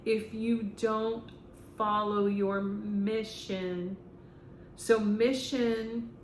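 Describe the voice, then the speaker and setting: A woman working as a spiritual medium, talking through a channeling session in a halting way with many ums as she relays what a spirit tells her. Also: medium pitch, steady tone. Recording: echoey room, faint background hum.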